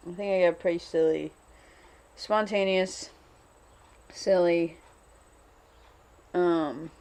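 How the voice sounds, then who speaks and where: A woman with a lowish, darkish voice films herself on camera, rambling anxiously through an unscripted vlog monologue and circling back to the same phrases repeatedly.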